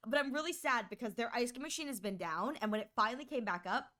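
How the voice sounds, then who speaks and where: Young woman streamer, high-pitched, chatty and animated, squealing as she tells stories. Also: fast talker. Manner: animated storytelling with squeals and many "like"s. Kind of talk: casual chat.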